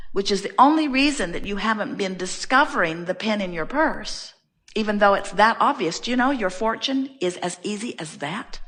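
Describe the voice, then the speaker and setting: A woman delivers a spiritual teaching talk in a bright, clear voice, leaning hard on repeated phrases. She tells her stories with lively emphasis, as an inspirational speaker addressing a crowd. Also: mid-range voice. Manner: animated storyteller acting out everyday scenes.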